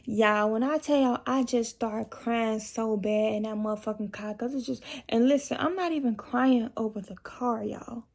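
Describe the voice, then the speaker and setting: Young woman, casual storytime vlog, gravelly voice, husky, mellow tone, profane and animated. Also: a little high, normal speed, few pauses. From Chicago area. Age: young adult. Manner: profane, animated storytelling, addresses viewers as y'all and G. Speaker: vlogger.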